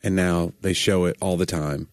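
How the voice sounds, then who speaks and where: A middle-aged man co-hosting a podcast, chatting casually and playfully, quick with jokes and movie quotes. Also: low-pitched, steady tone, no echo, clean studio sound. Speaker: podcast co-host. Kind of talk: casual chat.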